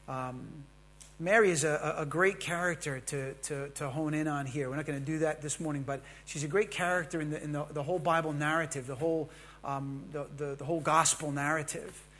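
Man preaching, bright voice, rather high, conversational, asks questions, builds to emphatic. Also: steady tone, a little fast. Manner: grows louder and more emphatic. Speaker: pastor. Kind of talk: sermon.

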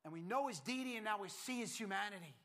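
High-voiced man preaching with fervor. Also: expressive, fast talker. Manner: emphatic, swings from hushed to loud, repeats words. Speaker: pastor. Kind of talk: sermon.

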